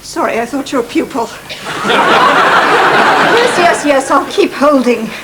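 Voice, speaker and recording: A woman's voice: high voice, expressive, takes it slowly, heavy background noise. An actress playing a prim, fretful female music teacher in a 1990s TV sitcom, full of twee phrases. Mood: indignant.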